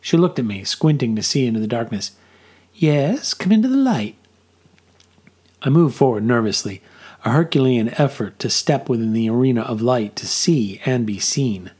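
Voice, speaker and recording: A man reading a first-person story aloud in steady, measured narration. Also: mid-range voice, husky.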